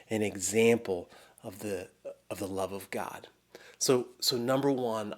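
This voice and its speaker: Male preacher, earnest sermon, middle pitch, voices the quotes, goes soft and hushed. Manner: earnest, animated when quoting, drops to a soft hush near the end.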